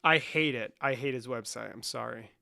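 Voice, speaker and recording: A man's voice: medium pitch, moderate pace, vocal fry, sharp tone, no echo, clean studio sound. An American man hosting a live stream in casual chat, teasing and joking crudely with callers. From United States. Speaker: streamer and host.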